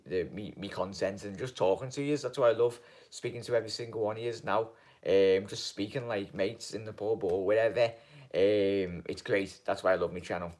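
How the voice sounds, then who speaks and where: A man hosting a fan channel live stream, chatting casually and rambling through viewers' comments with lots of ums and "mate". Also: sits low. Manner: rambling and halting, many ums, keeps calling viewers mate.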